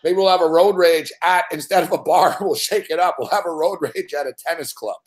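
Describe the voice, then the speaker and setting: A man's voice: on the high side, fairly quick. A man hosting, teasing his co-host with profane, laughing banter. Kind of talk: casual banter.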